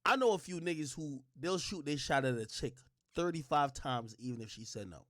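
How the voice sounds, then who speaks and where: A man with a fairly high voice talks through a reaction stream, breaking in to explain his take at length. He often restarts his sentences. The sound is close and dry, with no room in it. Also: animated, fairly quick, fairly bright tone, no echo. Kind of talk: reaction commentary. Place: streaming setup.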